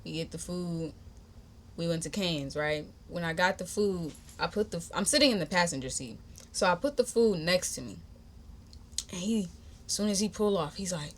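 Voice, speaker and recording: A young woman hosting a podcast, telling a personal story in a chatty, animated, slangy way and talking straight to her listeners. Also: fairly low pitch, normal speed. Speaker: podcast host. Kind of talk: casual storytime.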